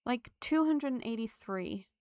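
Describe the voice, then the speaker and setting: A woman's voice: on the high side, expressive, unhurried, darkish tone, dry recording, studio quality. A woman live-streaming a game, chatting to her viewers and laughing often. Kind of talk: live gameplay streaming chat.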